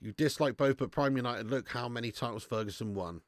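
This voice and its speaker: A man's voice: mid-range voice, fairly quick, dry recording, studio quality. A man in his thirties hosting a live football watch-along, chatting casually, swearing freely and answering viewers' comments. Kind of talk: casual live stream chat.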